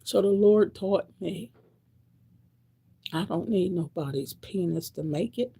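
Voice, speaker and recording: A woman's voice: on the low side, slow pace, gravelly, pauses often, mellow, husky. A woman in her sixties giving a blunt, preachy monologue to camera, repeating her points. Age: 60s. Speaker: vlogger.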